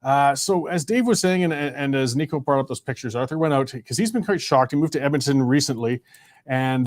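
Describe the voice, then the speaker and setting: A man's voice: a little mellow, no echo, studio quality. A Canadian man hosting an opinionated talk show, speaking conversationally and growing heated as he argues. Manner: conversational, heated and rising in pitch when arguing. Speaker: show host.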